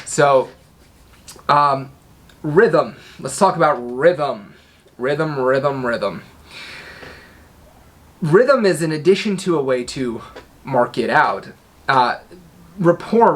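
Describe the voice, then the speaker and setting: A man's voice: mid-range voice, fairly bright tone. Man teaching voice techniques. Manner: demonstrates tones, drops voice on commands. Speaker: NLP trainer. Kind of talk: instructional talk to camera.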